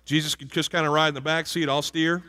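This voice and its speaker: A man's voice: on the high side, level tone, quick pace, sharp tone. A male pastor giving a conversational sermon and asking the congregation questions. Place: church sanctuary. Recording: hall reverb from a church.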